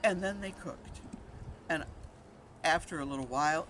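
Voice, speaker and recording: A woman telling a folktale to children, lively and quizzing her listeners as she goes. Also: low voice, moderate pace, rough recording. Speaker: storyteller and educator. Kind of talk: storytelling to children. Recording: loud background noise, vehicle.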